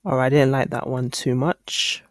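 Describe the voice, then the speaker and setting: A man in the middle of his range, explaining a video tool step by step as he clicks through it. He talks casually and thinks out loud, with plenty of ums and restarts. The sound is dry and close, with no room around it. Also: mid-range voice, fairly even intonation, moderate pace, no echo. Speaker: online course instructor. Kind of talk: screen-recorded tutorial walkthrough.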